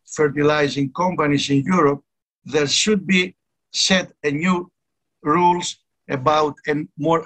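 Guy giving a conference talk, kinda high bright voice, earnest, keeps stressing words. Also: breathy edge. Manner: earnest, emphatic, repeats key words. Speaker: conference speaker. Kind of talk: technical conference presentation.

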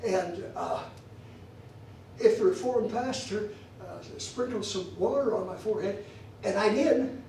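A man's voice: high-pitched, darkish tone, a little hiss or hum. A man teaching a church theology class, emphatic and repeating phrases for stress, recorded in an echoey church room from far off.

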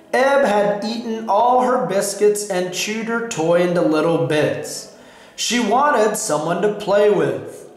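A man with a fairly high voice reads a children's picture book aloud, word by word, very slowly. His reading is deliberate and clearly paced for learners, and the sound rings through a very echoey room. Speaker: storybook reader. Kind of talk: slow read-aloud for learners.

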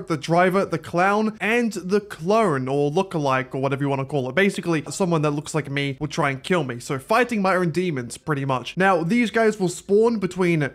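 A young Australian man in his twenties giving joking, self-deprecating, rambling commentary over his gameplay. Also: high voice. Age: 20s. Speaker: gaming YouTuber.

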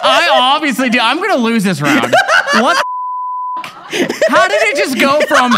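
A man's voice: extremely high pitch, very animated, normal speed, long pauses, heavy background noise. A man co-hosting a live show, protesting and laughing while losing a debate game. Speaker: podcast co-host. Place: live event before an audience.

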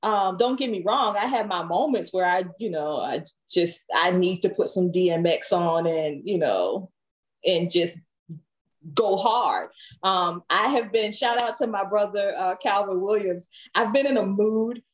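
A woman singer, a guest on a podcast, chatting casually and telling lively stories full of laughter and acted-out quotes. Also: mid-range voice, measured pace. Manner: lively storyteller, laughs often, acts out quotes.

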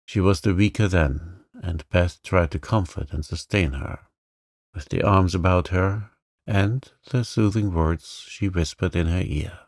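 A man narrating a classic novel as a calm sleep story, slow and soothing, on a close microphone. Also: deep voice, no room sound.

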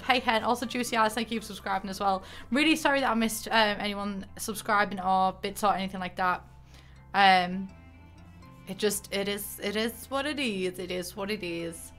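A woman streamer chatting casually at the end of a stream, tearful and emotional, rambling and poking fun at herself. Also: medium pitch. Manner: chatty, self-mocking, rambling with restarts. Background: soft game music.

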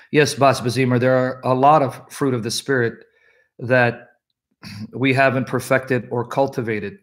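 A man hosting a live question-and-answer stream, answering chat comments in a blunt, preachy way and citing scripture. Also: mid-range voice. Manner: blunt, preachy, quotes scripture, jokes about himself. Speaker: livestream host answering chat.

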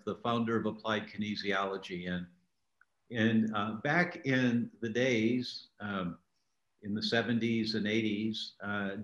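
An older man talks through an interview in a middle-range voice, telling stories and acting out quoted lines with lively shifts. The room adds an echoey ring to his voice. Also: mid-range voice, muffled recording. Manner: animated storyteller, acts out quoted lines. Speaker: interview guest, author and doctor. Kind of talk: conversational interview storytelling.

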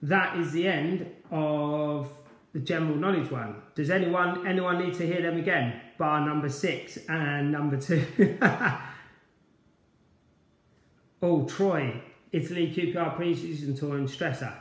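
A cheerful former player hosts a live-streamed quiz, chatting upbeat between questions and greeting viewers by name. His voice is a bit high for a man and moves at a moderate pace. The room around him echoes.

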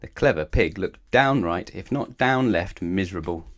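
A man reading a children's storybook aloud in an expressive, sing-song way. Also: low voice, normal speed.

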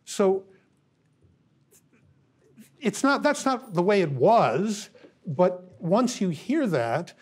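An older man, a philosophy professor, giving a university lecture in a thoughtful, halting way with many pauses and restarts. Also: high-pitched, big pitch swings, breathy edge. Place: college classroom.

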